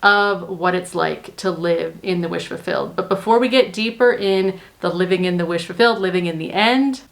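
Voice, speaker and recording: A woman who works as a manifestation coach, explaining ideas in a casual, earnest way that is reassuring and full of "like" and "so". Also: medium pitch. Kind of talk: casual teaching monologue.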